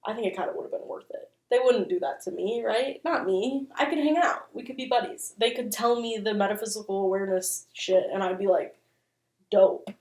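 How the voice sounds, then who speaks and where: A woman's voice: mid-range voice, a little fast, hardly any pauses, darkish tone, echoey room. A woman giving a casual, joking commentary recap as a channel host, swearing freely and full of fillers.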